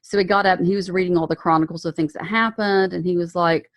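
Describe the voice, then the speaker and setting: A woman's voice: lowish voice, steady tone, fast talker, no room sound. Chatty woman teaching the Bible. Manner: chatty retelling with slang and self-corrections.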